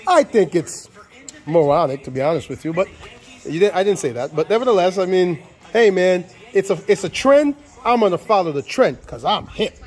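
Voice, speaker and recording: A man's voice: high voice, animated, normal speed, a little mellow. A man selling used cars in a casual walkaround video, with playful, hyped-up patter and lots of repetition, recorded outdoors on a car lot.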